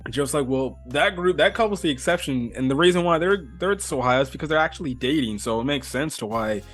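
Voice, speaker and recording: A man recapping anime episodes in a casual review, rambling with lots of fillers and getting excitable. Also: fairly high pitch, brisk, faint music behind.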